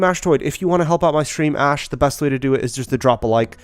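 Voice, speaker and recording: A man chatting quickly and casually on a live stream, joking about himself while greeting viewers. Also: mid-range voice, clean tone, no echo, clean studio sound. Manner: fast-talking, chatty, self-deprecating. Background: faint background beats.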